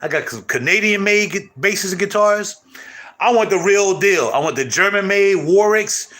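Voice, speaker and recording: Loud, animated man with bright voice. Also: high voice, moderate pace. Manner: loud, animated, slangy street talk. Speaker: channel host. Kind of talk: casual chat to viewers.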